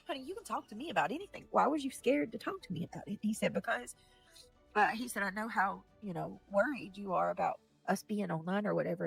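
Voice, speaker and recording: A woman, talking on a livestream in a rambling way that swings into loud, angry outbursts. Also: on the low side, gravelly, slightly rough. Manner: rambling, repeats herself, grows angry and loud. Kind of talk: emotional livestream rant.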